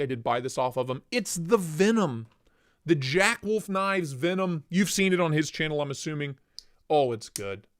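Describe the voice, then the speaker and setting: A man hosting a casual livestream, joking and rambling as he shows off gear and greets viewers by name. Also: on the high side. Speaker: livestream host reviewing knives and lights.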